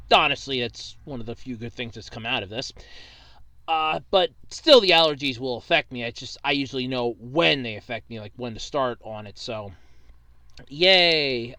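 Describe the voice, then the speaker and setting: A man's voice: medium pitch, fairly quick, sharp tone, no echo. A man hosting a casual question-and-answer video, rambling with lots of fillers and restarts and a little stuffy from seasonal allergies. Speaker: host of a monthly Q&A video.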